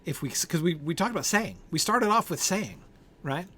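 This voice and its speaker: A man's voice: on the high side, animated, moderate pace, pushed and bright, slightly rough. Man leading a Bible study, thinking aloud. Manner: thinking aloud with many fillers and "right?" checks; answers group members by name. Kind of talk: informal Bible study discussion.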